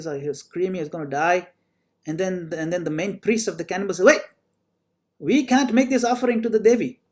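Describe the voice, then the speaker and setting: A man's voice: a little high, a little mellow. A man teaching in an online class, telling a story in a conversational way with fillers. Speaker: spiritual teacher.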